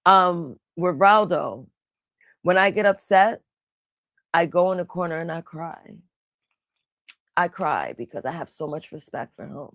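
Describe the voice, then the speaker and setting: A young woman co-hosting a casual stream, teasing and animated, quick with slang. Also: lowish voice, dry recording, clean studio sound. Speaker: stream co-host. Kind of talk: casual banter.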